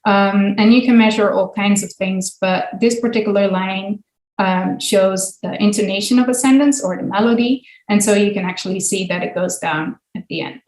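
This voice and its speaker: A woman of middle pitch gives an academic lecture, walking listeners through examples one step at a time. Her talk is patient and full of small ums and uhs. The sound rings around an echoey room. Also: normal speed, a little mellow. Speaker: linguistics professor giving a guest talk.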